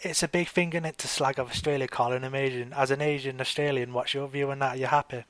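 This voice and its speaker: A man's voice: medium pitch, fairly even intonation, fast, a bit bright, dry recording. Teasing man asking provocative questions. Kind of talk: casual chat.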